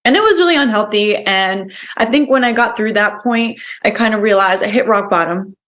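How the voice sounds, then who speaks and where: A woman's voice: medium pitch, brisk, a bit bright. Earnest young woman telling her story. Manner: earnest, lots of filler "like" and "you know". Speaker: podcast guest. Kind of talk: personal storytelling in an interview.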